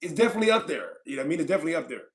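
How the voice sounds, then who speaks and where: A man's voice: on the high side, sing-song, very fast. A man from California hosting a livestream, chatting casually and reading viewer comments aloud, rambling and repeating himself with frequent laughs. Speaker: livestream host.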